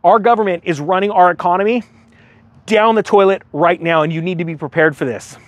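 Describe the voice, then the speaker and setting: A man hosting a finance commentary show, reading news aloud and breaking off into fired-up, emphatic rants. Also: sits high. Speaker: host of a finance commentary channel.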